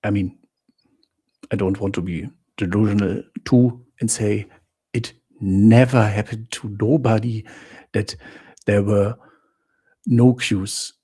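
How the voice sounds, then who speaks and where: A travel channel host runs a live stream, greeting viewers by name in simple non-native English and laughing often. His voice is fairly low, mellow and steady, with a breathy edge, and he speaks slowly with frequent pauses.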